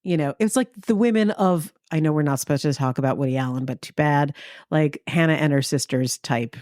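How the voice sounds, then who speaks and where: A middle-aged woman from New York, co-hosting a podcast and telling anecdotes in a casual, animated way, acting out the lines of the people in her stories. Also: a little fast, no room sound, clean studio sound. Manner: lively anecdotal, acts out quotes with big pitch jumps. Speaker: podcast co-host. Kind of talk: casual storytelling chat.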